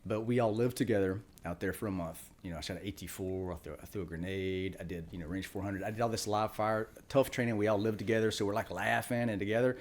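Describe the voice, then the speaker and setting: A man's voice: lowish voice, steady tone, quick pace, few pauses. A man in his forties, a retired Marine guest on a podcast, telling stories in a rambling, casual way full of asides. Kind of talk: casual storytelling chat.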